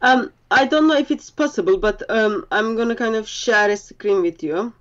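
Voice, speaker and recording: A woman's voice: fairly high pitch, moderate pace. A woman guest on a live stream, explaining things hesitantly with many fillers over a video call. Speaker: guest co-host. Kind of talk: casual live stream talk. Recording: muffled lo-fi video call audio.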